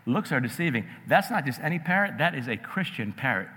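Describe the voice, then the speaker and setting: A man's voice: mid-range voice, very animated, a little fast, pushed and bright, long reverb tail, slight background noise. A man voicing a persuasive male pet shop clerk in a story, with a coaxing, insistent manner.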